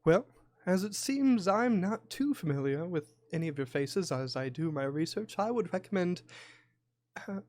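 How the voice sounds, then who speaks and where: A man's voice: sits high, lively intonation, moderate pace, darkish tone, no echo. A man voicing a smirking, poised young female journalist in a tabletop game. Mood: poised, prim. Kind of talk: tabletop game role-play.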